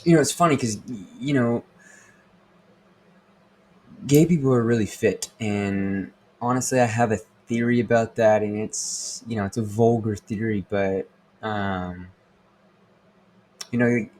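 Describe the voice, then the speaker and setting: A young man hosts a casual podcast in a lowish, slightly mellow voice, keeping a measured pace broken by long pauses. His crude monologue rambles, swears a lot, and is packed with fillers.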